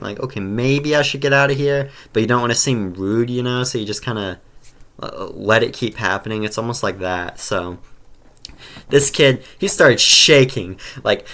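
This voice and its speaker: Male storytime narrator, mid pitch, loose and slangy, heavy on filler. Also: a bit bright. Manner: rambling slangy delivery full of "like" and "bro". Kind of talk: casual storytime narration over gameplay.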